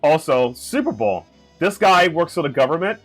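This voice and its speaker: A man's voice: fairly high pitch, very animated, normal speed, a bit bright, breathy edge, faint music behind. A man casually commenting on a video game he is playing, with chatty, joking asides. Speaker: let's play host.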